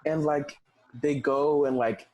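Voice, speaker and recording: A man's voice: on the high side, steady tone, takes it slowly, a little mellow, no echo, poor audio. A man co-hosting a film podcast, talking casually and animatedly, often acting out scenes with quoted lines. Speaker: podcast co-host.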